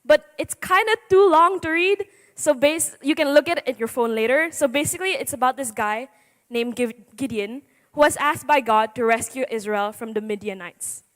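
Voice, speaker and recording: A woman's voice: sits high, normal speed. A seventeen-year-old girl giving a jittery, joking youth sermon, laughing at herself. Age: teens. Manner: giggly, self-deprecating, jittery. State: nervous. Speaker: youth preacher. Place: church sanctuary. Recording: church hall reverb.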